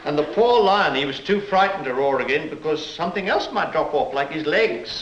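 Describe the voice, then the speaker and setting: A man's voice: high voice, expressive, a little fast, few pauses. A man reading a story aloud to children in a playful, teasing way, full of sound effects. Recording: lo-fi echoey room with loud noise.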